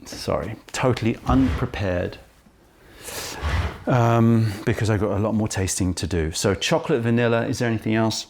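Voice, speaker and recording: A man's voice: on the low side, moderate pace, vocal fry, a little mellow. Chatty, over-caffeinated man tasting tea. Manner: chatty, self-interrupting, apologetic asides. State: highly caffeinated. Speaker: tea shop owner and presenter. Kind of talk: casual tea-tasting vlog. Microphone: camera right in front of his face.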